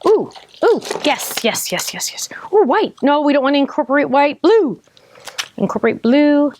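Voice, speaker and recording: A woman hosting a card-making tutorial, chatting excitedly as she works and bantering with someone off camera. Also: sits high, normal speed, slight background noise. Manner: thinks aloud with small self-corrections. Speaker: craft tutorial host. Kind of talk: casual crafting demo, narrating each step.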